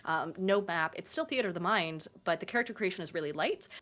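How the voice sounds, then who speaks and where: A woman's voice: fairly low pitch, expressive, fast talker, fairly bright tone. A woman in her twenties from Oregon, chatting casually as a guest about running tabletop games, with lots of fillers and self-deprecating asides. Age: 20s. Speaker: guest, tabletop game master and streamer. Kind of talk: casual interview chat.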